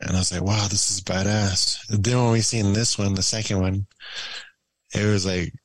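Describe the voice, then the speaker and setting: A young man telling stories in a relaxed, rambling way as a podcast guest, full of fillers and laughs. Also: on the low side, normal speed, dry recording, low-quality recording. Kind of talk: casual storytelling chat.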